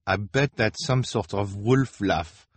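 A man voicing a shy, sad young woman who sighs and talks in a soft, self-pitying way. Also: fairly low pitch, slow, breathy edge, dry recording. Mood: mournful.

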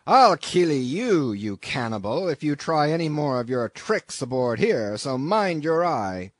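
A man puts on a gaunt, bellowing old sea captain, pitched noticeably higher than a plain speaking voice. He roars his threats in a lively, rising and falling voice. The audiobook reading sounds dry and close. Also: unhurried, dry recording, full character voice. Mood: angry. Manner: loud, threatening roar.

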